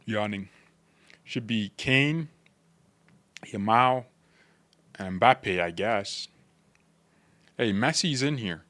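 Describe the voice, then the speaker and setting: A man's voice: fairly low pitch, slow pace, pauses often, dry recording. Joking slangy man on a fan channel. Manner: joking, animated reactions, slangy. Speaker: football fan channel host. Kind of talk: casual commentary to chat.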